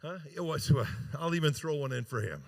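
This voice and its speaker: A man's voice: fairly high pitch, expressive, brisk, creaky. A man working as a charity auctioneer at a gala, calling bids live into a handheld mic and coaxing bidders with joking banter. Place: large gala event room.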